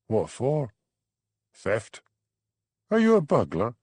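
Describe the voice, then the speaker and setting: A man's voice: mid-range voice, wildly swooping pitch, takes it slowly, darkish tone, slightly rough, dry recording, full character voice. A man doing a shrewd, wary old woman. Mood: curious. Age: older. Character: elderly woman feigning dementia, shrewd and wary.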